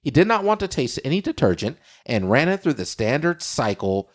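A man's voice: medium pitch, very animated, fairly quick. A man hosting a casual studio chat show, playful and theatrical, keeps turning to his audience. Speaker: show host.

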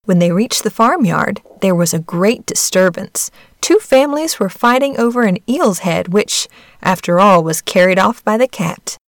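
A woman narrating a storybook fairy tale in an even, measured manner. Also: mid-range voice, dry recording, clean studio sound. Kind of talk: storybook reading.

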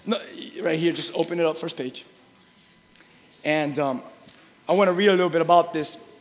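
High-voiced pastor in a reverberant church hall. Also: male voice, normal speed. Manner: repetitive stammering restarts, then shouting and laughing. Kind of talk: church announcements building to a shouted sermon-style hype.

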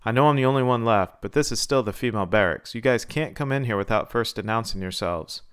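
A man's voice: mid-range voice, fast, clear, resonant tone, lightly acted. A man voicing a defiant young female Marine who speaks firmly and with mocking confidence. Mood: stern.

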